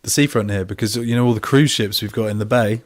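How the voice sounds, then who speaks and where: A man with a fairly low voice co-hosts a casual online show over a video call. He teases his co-host, laughs easily and tells loose anecdotes. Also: steady tone, quick pace. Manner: laughs often, teasing, chatty storyteller. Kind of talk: casual chat.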